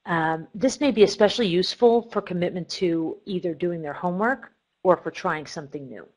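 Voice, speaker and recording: A woman's voice: on the low side, a little fast, darkish tone, rough recording. A middle-aged woman therapist giving a recorded lecture on treatment techniques, explaining step by step with frequent ums and self-corrections. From Cleveland, Ohio.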